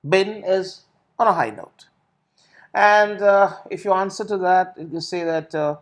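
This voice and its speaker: A man's voice: high voice, a little slow. Man explaining patiently. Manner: explanatory, repeats words and restarts often. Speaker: IELTS trainer. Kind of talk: teaching in a recorded Q&A session.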